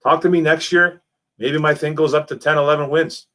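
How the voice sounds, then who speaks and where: A young man hosting a casual live stream, reading chat messages and talking football in a lively, repetitive way, calling people man and bro. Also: fairly high pitch, a little fast. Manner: animated, repeats himself, calls people man and bro.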